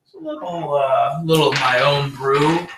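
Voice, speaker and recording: A man's voice: fairly high pitch, moderate pace. A man playing a tabletop game, describing his character's moves. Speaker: player. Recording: roomy, distant mic, clear noise.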